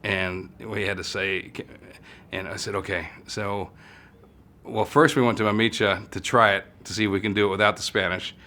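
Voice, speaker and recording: A man from the United States, a guest in a casual interview, telling stories in a halting way with many fillers and restarts. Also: lowish voice, flat delivery, bright, forceful tone. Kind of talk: casual storytelling conversation.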